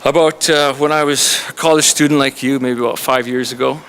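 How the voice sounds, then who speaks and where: A man's voice: medium pitch, steady tone, brisk, fairly bright tone, clean tone. Joking man giving an introduction. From Canada. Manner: joking, chatty, addresses the audience directly. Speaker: college instructor introducing a visiting author. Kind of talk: humorous introduction speech to an audience. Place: college lecture room.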